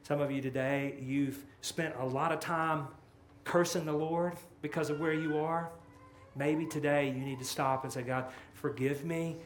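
A man preaching a sermon as pastor, impassioned and swinging from loud, rising lines to hushed, low ones. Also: fairly even intonation, moderate pace, a little hiss or hum. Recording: echoey room with faint ambience.

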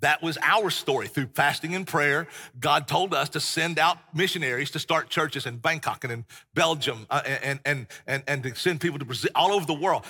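A middle-aged pastor preaches with passion and folksy emphasis. His voice is bright and husky. It carries a long reverb through the church. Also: on the high side, normal speed. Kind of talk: sermon. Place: church sanctuary.

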